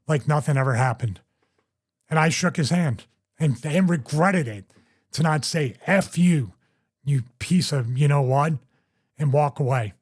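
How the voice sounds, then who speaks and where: A middle-aged man hosting a podcast, casually telling a story and acting out other people's quotes in raised voices. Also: a little high.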